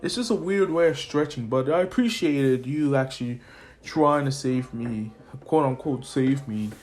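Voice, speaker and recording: A man's voice: medium pitch, moderate pace, darkish tone, lightly acted. A young man doing a flustered teen boy hero. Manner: flustered, tries to sound cool. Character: nervous teen boy hero, awkward, excitable.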